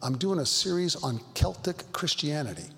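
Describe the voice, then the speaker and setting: Creaky-voiced pastor in reverberant hall. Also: male voice, fairly high pitch, lively intonation, bright, forceful tone. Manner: halting, many restarts, earnest. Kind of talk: Bible study talk, storytelling. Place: church hall.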